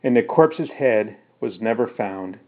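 A man's voice: on the low side, expressive, unhurried. A man narrating a first-person story, later explaining it casually with fillers. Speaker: storyteller reading his own story. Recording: narrow phone-like sound.

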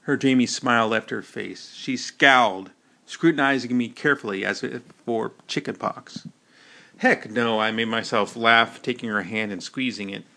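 Gravelly male narrator with folksy wryness. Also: mid-range voice, normal speed, bright, forceful tone. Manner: folksy, wry storytelling. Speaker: audiobook narrator. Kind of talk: first-person novel narration.

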